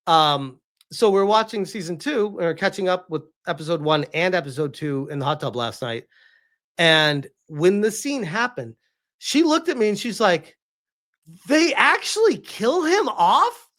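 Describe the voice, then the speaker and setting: A man giving a casual, animated vlog review, rambling and laughing often. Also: on the high side, moderate pace. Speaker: video reviewer.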